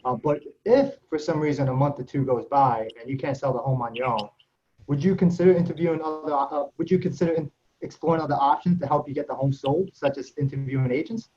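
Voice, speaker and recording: A man's voice: mid-range voice, warm tone. A man practicing a sales script on a video call, correcting himself as he goes. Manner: quick, correcting himself mid-line. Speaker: real estate agent practicing a script. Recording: dull video call audio with faint clicks.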